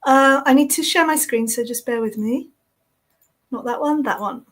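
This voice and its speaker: Woman, higher voice going hoarse, chatty guest on a video call. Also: normal speed. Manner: chatty, self-mocking, animated. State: losing her voice. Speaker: guest designer. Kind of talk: online panel talk.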